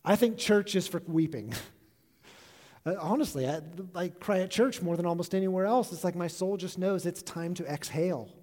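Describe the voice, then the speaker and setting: A pastor preaching a sermon in a church, earnest and reflective, letting his voice drop soft at the ends of phrases. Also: high voice, normal speed. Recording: long echo of a large hall.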